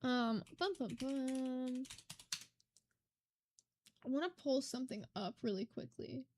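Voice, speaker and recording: A young adult woman streaming live, chatting casually with her chat, reading comments and getting excited, swearing casually. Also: sits high, takes it slowly. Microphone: desk mic.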